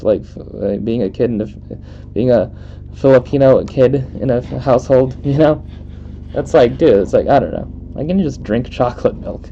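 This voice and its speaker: A young American man chats loosely while gaming, rambling and laughing between thoughts. His voice is low-toned, gravelly and mellow, caught on a dull, lo-fi microphone with a faint hiss underneath. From United States. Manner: rambling, laughs often, many fillers. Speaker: let's play host. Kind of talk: casual chat while gaming.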